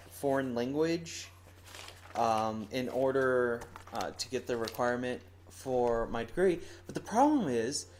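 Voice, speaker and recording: A young man chatting as the host of a casual podcast. He rambles and pokes fun at himself, with loud bursts of enthusiasm. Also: medium pitch. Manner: rambling, self-mocking, lively. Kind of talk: casual chat.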